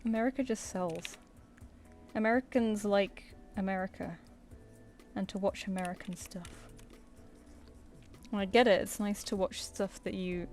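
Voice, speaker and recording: A woman's voice: medium pitch, darkish tone. Chatty woman drawing on stream. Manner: rambling, chatty, mutters to herself. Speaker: artist livestreamer. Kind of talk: casual chat while drawing. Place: home room.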